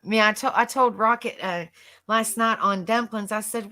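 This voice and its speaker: A woman with a bright, forceful voice sitting a little high in pitch hosts a casual live stream. She chats with her panel in loose, repetitive bursts and laughs easily. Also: fairly even intonation, moderate pace. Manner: chatty, repeats herself, laughs easily.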